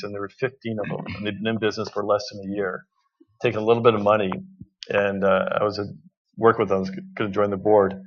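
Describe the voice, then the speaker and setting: Gravelly man, mid pitch, panel storyteller, muffled lo-fi recording. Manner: storytelling with many restarts. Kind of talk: panel discussion anecdote. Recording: muffled lo-fi sound.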